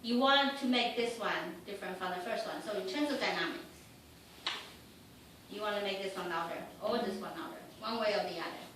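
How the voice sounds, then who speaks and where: A woman's voice: mid-range voice, a little fast, noisy background. A woman teaching a piano lesson, coaching a student and singing out rhythms on syllables between short instructions. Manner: sings rhythms and counts aloud with syllables; encouraging, gives short commands while the student plays. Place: room with a piano. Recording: echoey room from far off with piano.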